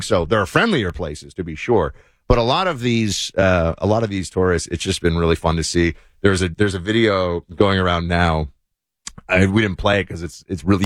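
A man's voice: low voice, dry recording, studio quality. A man hosting a talk show, chatting casually with many fillers. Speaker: show host. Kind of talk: casual political commentary.

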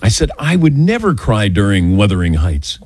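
Older man, radio host, call-in talk show, animated storyteller, lively pitch, dry close sound. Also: normal speed, husky, no echo. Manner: animated storyteller, acting out quotes.

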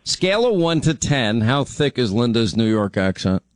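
A man's voice: mid-range voice, very animated, moderate pace, no room sound, studio quality. A man hosting a call-in radio show, chatting and joking with callers in a rambling, friendly way. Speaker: radio talk show host.

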